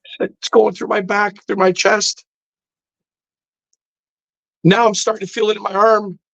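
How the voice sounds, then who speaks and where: A man's voice: high voice, level tone, measured pace, vocal fry, fairly bright tone, no room sound, poor audio. Intense storytelling man, dry close mic. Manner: intense, vivid storytelling with quoted dialogue. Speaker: podcast guest. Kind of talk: storytelling in casual chat. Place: podcast studio.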